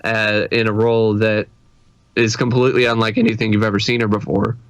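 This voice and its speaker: A man's voice: lowish voice, flat delivery, brisk, dry recording. A man co-hosting a podcast in casual chat, laughing often. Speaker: podcast co-host.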